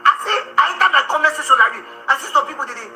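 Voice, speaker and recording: A man with a Nigerian accent ranting in a vlog, loud and combative, often breaking into laughter and shouts. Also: extremely high pitch, animated, rapid-fire, roomy sound, soft background music, low-quality recording. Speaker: social media commentator.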